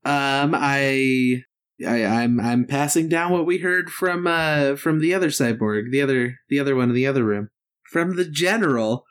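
A woman's voice: extremely low pitch, normal speed. A woman playing a tabletop game, speaking tentatively with stammers. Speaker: player. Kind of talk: casual tabletop play.

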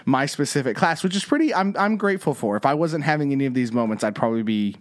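A man's voice: medium pitch, expressive, quick pace. A man hosting a podcast, telling stories in a rambling, enthusiastic way. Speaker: podcast host. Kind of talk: casual podcast chat.

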